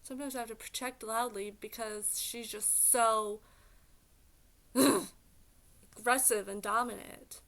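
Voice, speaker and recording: This woman vlogger, voice on the high side, talks a little slowly with long pauses as she tells a rambling, casual story. It's full of fillers and "like"s, delivered as exasperated, animated venting.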